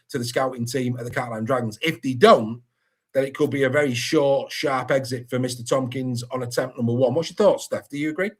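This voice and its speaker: A man hosting a sports podcast in casual chat, lively and good-humoured as he stumbles over hard names. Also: medium pitch. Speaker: podcast host.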